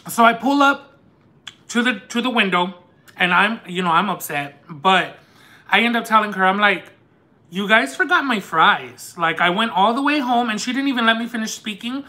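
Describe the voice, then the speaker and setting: A man hosting a live eating stream, telling a story in an animated, chatty, lightly sarcastic way. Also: high-pitched, normal speed, pauses often. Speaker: mukbang host. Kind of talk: casual storytelling while eating on a livestream.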